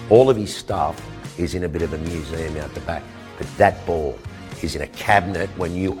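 An older man telling a lively anecdote, acting out the dialogue and laughing along the way. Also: low voice, moderate pace, faint music behind. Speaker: guest storyteller. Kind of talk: animated anecdote.

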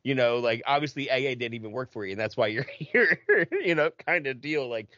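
A man's voice: mid-range voice, lively intonation, brisk, a bit bright, no room sound. Chatty host guy, swears some, dry close sound but kinda dull. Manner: chatty, laughs easily, swears. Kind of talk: casual conversation.

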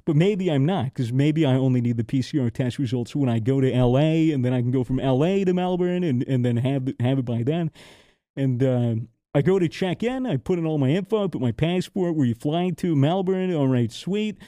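A young man from the United States hosting a podcast, telling a story in a profane, animated way and acting out the exchanges. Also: mid-range voice, a little fast, no echo, studio quality. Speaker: podcast host. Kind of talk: casual storytelling chat.

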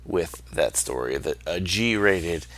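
A man's voice: low-pitched, animated, slow pace, a bit bright. A man hosting a casual podcast chat, prompting his guest and reacting wryly.

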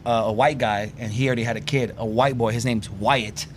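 A man's voice: medium pitch, steady tone, a little fast, slight background noise. A man talking as a guest on a casual podcast, laid-back and swearing, often trailing off. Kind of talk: casual chat.

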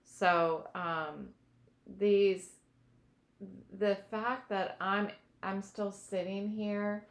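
A woman speaks slowly and earnestly, giving a reflective personal testimony as an interview guest. She pauses to search for words. Her voice carries in a roomy, echoing space. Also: lowish voice. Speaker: guest sharing her recovery story. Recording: echoey room.

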